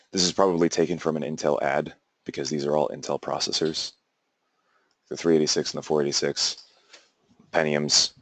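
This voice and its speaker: A man's voice: a bass voice, no echo. A young man teaching a class, talking loosely with lots of fillers and restarts. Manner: rambling, many fillers and restarts. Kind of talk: classroom lecture.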